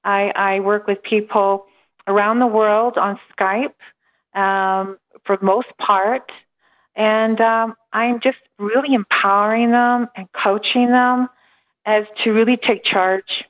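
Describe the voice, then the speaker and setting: A middle-aged woman, an empowerment coach appearing as a guest in a remote interview, tells a personal story with animated energy, slipping into voices for the people she quotes and laughing often. Her pitch is mid-range, she speaks slowly, and the audio is dull and lo-fi, like an online call.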